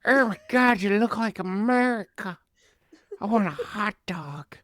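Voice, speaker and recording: A woman's voice: medium pitch, lively intonation, unhurried, a bit bright, no room sound, studio quality. A woman putting on a swooning, dreamy voice of a woman craving hot dogs, drawing out her sighs.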